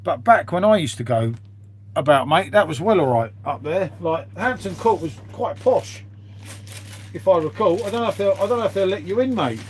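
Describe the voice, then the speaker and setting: A man's voice: sits high, lively intonation, normal speed, a little mellow, a little hiss or hum. A man chatting casually with viewers on an early-morning live stream, swearing freely and calling everyone mate.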